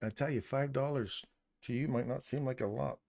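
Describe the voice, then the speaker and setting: A man's voice: mid-range voice, steady tone, normal speed, creaky, darkish tone. A man hosting a live trading stream, chatting casually and joking while talking himself through his audio settings. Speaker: trading livestream host. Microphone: studio condenser mic.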